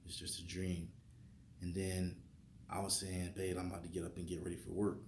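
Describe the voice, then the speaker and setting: A man's voice: sits low, monotone, fairly quick, darkish tone. A man casually telling the story of a dream, acting out his own lines and dropping into whispers. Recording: echoey room with faint noise.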